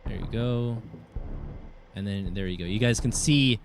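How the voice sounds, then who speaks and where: A man's voice: lowish voice, a little slow, background noise. A man with a British Columbian Canadian accent, chatting casually with viewers while streaming a game, friendly and thanking people by name. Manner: friendly, thanks viewers, restarts his words. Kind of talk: casual live gameplay chat. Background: game music and gunfire.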